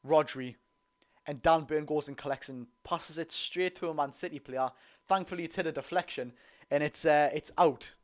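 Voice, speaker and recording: A young Geordie man narrates a live football watch-along in a fairly high voice. He reacts to each pass with chatty excitement and keeps talking to his viewers and the lads. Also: moderate pace. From North East England. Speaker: football fan streamer.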